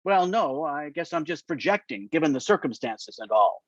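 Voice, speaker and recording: A man's voice: on the high side, very animated, normal speed, no room sound. A man reading aloud as an earnest, nervous young male aide who sounds eager and self-conscious. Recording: muffled lo-fi dry sound.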